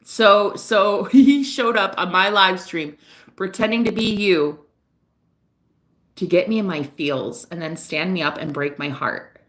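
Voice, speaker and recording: A woman who works as a psychic reader, telling a personal story in a casual vlog, candid and lively, swearing now and then. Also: on the low side, unhurried. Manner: animated, candid, swears, laughs often.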